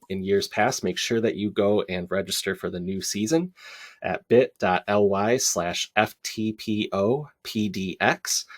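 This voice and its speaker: A man's voice: fairly low pitch, no echo. A man hosting a podcast, chatting with light laughter and then reading out announcements steadily. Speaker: podcast host. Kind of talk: casual podcast chat with announcements.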